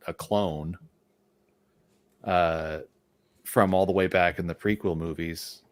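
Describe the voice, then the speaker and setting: Deep-voiced man giving firm opinions. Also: no room sound. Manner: emphatic, opinionated. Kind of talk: casual discussion.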